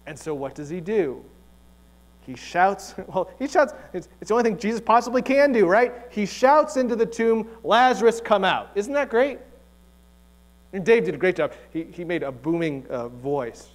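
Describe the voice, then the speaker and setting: A man's voice: high-pitched, expressive, normal speed. A male pastor preaching a conversational sermon in a church, joking and asking the congregation rhetorical questions. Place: church sanctuary.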